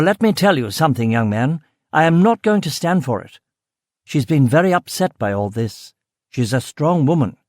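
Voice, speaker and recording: A man's voice: medium pitch, darkish tone, no echo, clean studio sound, lightly acted. A man voicing an indignant, upper-class Anglo-Irish landowner of about forty, with a clipped, formal way of speaking. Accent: 1930s Anglo-Irish upper class.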